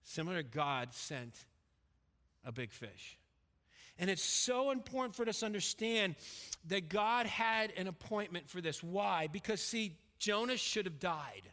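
A middle-aged man preaching a sermon as pastor, emphatic and dropping to a quiet intensity when he tells a personal story. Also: high-pitched, expressive, unhurried. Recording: long reverb of a hall.

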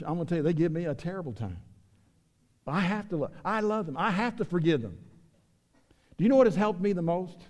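A pastor preaching a sermon, swinging between loud emphatic lines and low quiet asides. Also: male voice, long reverb tail. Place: church sanctuary.

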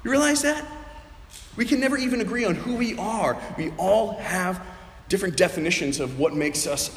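A man preaching a sermon as pastor, earnest, acting out prayers aloud, on a headset mic. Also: on the high side. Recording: very echoey hall, faint ambience.

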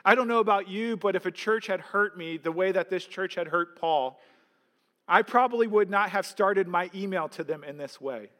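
A man preaches a sermon from the pulpit, earnest and emphatic, putting rhetorical questions to his congregation. His voice sits high for a man. The sound rings out with the long reverb of a church sanctuary. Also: normal speed, a bit bright. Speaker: pastor.

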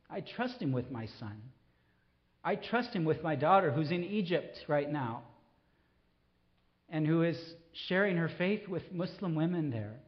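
A middle-aged man preaching a sermon, pleading and impassioned, then soft and reflective. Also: a little high, dull audio. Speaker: pastor.

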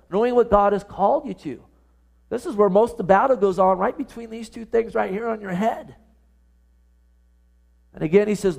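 A man with a fairly high voice preaches a sermon at a church service. He speaks earnestly and keeps putting direct questions to his congregation. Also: vocal fry, darkish tone. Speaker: pastor.

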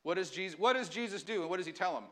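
High, bright-voiced male pastor preaching. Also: very fast. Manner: energetic, asks the congregation questions. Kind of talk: sermon.

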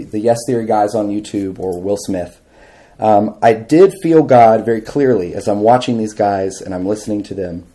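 Before a live crowd, a male preacher works through his sermon with animated storytelling, breaking into laughter and asking the audience questions. He speaks in a mid-range voice.

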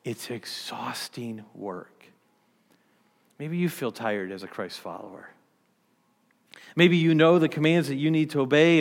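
A man preaching a sermon in a fairly high voice, talking earnestly and conversationally with frequent restarts. His voice carries a long reverb, as in a large hall. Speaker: pastor.

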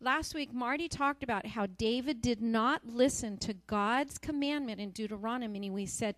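A woman's voice: fairly high pitch, moderate pace, hardly any pauses, fairly bright tone, no echo. A woman preaching a sermon in an earnest, emphatic way, repeating phrases for stress.

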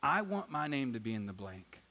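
Bright-voiced male pastor in echoey church. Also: medium pitch, moderate pace. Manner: energetic, joking, shifts between loud emphasis and quiet asides. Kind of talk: sermon. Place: church sanctuary. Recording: church hall reverb with faint guitar.

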